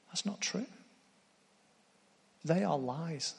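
A man's voice: mid-range voice, normal speed, fairly bright tone, long reverb tail. A man preaching a sermon, earnest, putting direct questions to his congregation.

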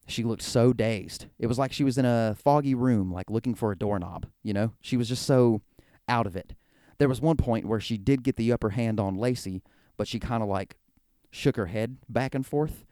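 A man hosting a casual wrestling recap show, rambling and excitable, full of "like" and "you know.". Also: on the low side, clear, resonant tone, no echo, clean studio sound. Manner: rambling, excitable, heavy use of "like". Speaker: podcast host.

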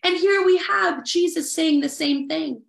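A woman with a high voice delivers a sermon, earnest in tone. She builds emphasis by repeating phrases one after another. The room around her is echoey. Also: unhurried, creaky. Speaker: preacher. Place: livestreamed service.

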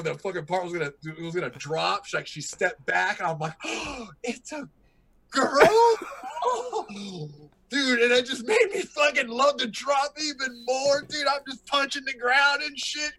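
Middle-aged man, casual storyteller, higher-pitched and very animated, swears a lot. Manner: excitable storyteller, swears a lot, acts out his own reactions. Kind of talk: casual chat.

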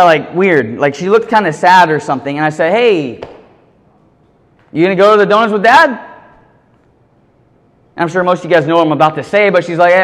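A man giving a sermon, telling a story in a casual, animated way full of slang. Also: on the high side. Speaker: youth pastor. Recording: long hall reverb.

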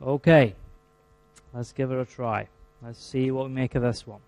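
A Scottish man teaches a physiology class in a mellow, darker voice. He leans hard on key terms, slowing down to repeat them, and tosses in dry jokes. The sound is close and dry. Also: mid-range voice, fairly even intonation, dry recording. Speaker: lecturer. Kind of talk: university lecture.

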